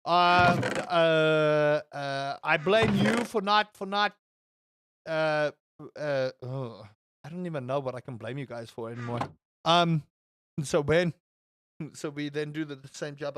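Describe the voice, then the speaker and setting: High-voiced sarcastic male game streamer. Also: measured pace, a bit bright, a little hiss or hum. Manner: sarcastic, rambling, full of stammered fillers. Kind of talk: casual live-stream chat with viewers.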